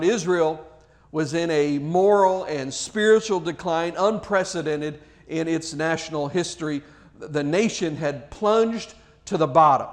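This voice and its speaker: A male pastor reading scripture, praying and preaching an earnest sermon, lifting his voice on quoted cries and repeating words as he speaks freely. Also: high voice.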